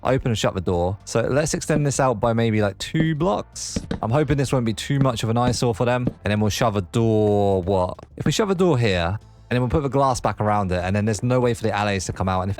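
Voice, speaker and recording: A man's voice: mid-range voice, animated, quick pace, a little mellow. A young man talks his way through a let's play, his voice swinging widely up and down as he goes. He chats fondly to the creatures on screen like old friends. Faint music plays underneath. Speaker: gaming video host. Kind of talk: casual let's play commentary.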